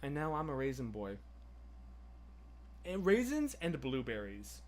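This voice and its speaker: Chatty excitable man on a livestream. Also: medium pitch, a little slow, a little hiss or hum. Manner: chatty and excitable, rambling between tangents. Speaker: livestream host. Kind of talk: casual livestream chat, answering viewer comments.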